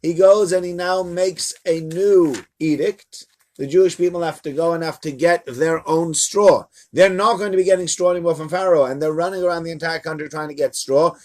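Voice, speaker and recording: With a voice a little on the high side and a moderate pace, a rabbi gives a chatty, animated Torah lesson told through stories. It's live-streamed to a small audience in a room and captured on a camera mic.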